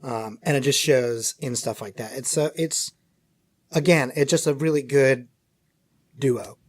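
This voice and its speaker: A man chatting on a podcast, telling rambling, animated stories full of acted-out quotes. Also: mid-range voice, a little slow. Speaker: podcast guest. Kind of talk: casual chat.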